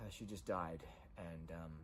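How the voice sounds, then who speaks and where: A man's voice: deep voice, steady tone, slow, fairly bright tone, a little hiss or hum. A middle-aged man in a rambling, emotional confessional monologue, distraught and repeating himself. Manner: rambling, repetitive, grief-stricken, voice rising when agitated. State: distraught after a breakup and a loss.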